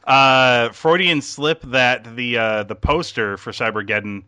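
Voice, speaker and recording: A man's voice: medium pitch, steady tone, unhurried, bright, forceful tone, clean tone, no room sound. A man hosting a podcast, making dry quips and wrapping up the episode in casual chat. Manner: dry quips, chuckles, wraps up the show. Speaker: podcast host.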